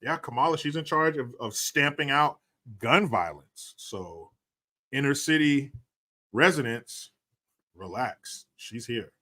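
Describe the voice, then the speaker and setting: Brash, bright-voiced male streamer. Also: medium pitch, lively intonation, slow. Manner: profane, joking and blunt. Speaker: livestream host. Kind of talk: casual livestream chat reading donations.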